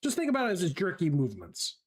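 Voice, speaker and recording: A man narrating as game master of a tabletop game, slow and drawn out in his descriptions. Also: high voice, wildly swooping pitch, slightly rough.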